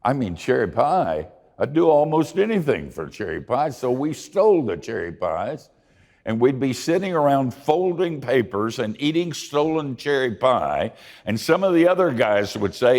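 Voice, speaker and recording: An older man preaching a sermon, telling folksy, self-deprecating stories in an expressive way. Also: medium pitch, moderate pace, long reverb tail. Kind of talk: sermon with storytelling.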